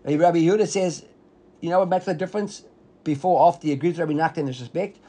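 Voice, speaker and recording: Husky man teaching Talmud. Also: on the high side, warm tone. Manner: explains quickly, reads the text aloud and translates it, asks students if they follow. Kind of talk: Talmud study class.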